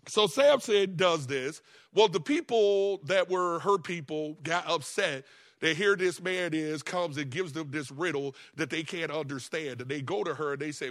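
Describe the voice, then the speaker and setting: A man preaching a sermon as the pastor, telling a Bible story in a casual, lively way, laughing often and acting out the characters. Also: on the high side, normal speed.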